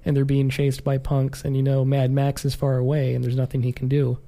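A man's voice: medium pitch, completely flat delivery, brisk, vocal fry, warm tone. A man co-hosting a casual film-review podcast, making dry jokes and wry asides. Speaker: podcast co-host.

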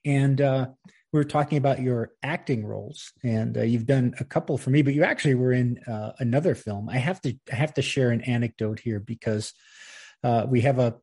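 A man's voice: mid-range voice, fairly quick, darkish tone, slightly rough. A man hosting a casual interview, chatty, with many fillers and frequent laughs. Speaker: interviewer, filmmaker.

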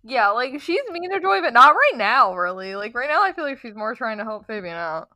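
A woman's voice: a little high, sing-song, a little fast, sharp tone. A young woman co-hosting a casual podcast, wry and playful as she reads her own notes aloud. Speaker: podcast co-host. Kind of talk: casual chat.

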